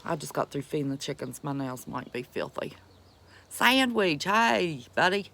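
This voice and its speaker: On a casual homestead live stream, a West Virginia woman with an Appalachian accent greets her live chat folksily, calling viewers sweetheart and buddy. Her low voice has vocal fry, a fairly bright tone, and big pitch swings, and she talks at a measured pace.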